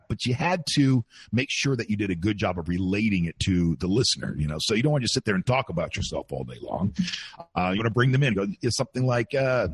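A man who used to work in radio, talking in a casual podcast chat, telling animated stories and mimicking announcer voices. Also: on the low side, fairly quick, breathy edge, dry recording. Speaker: former radio host.

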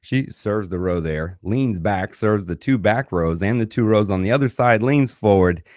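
A man telling a personal story in a casual, animated way, swearing freely. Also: fairly low pitch, moderate pace, dry recording, studio quality.

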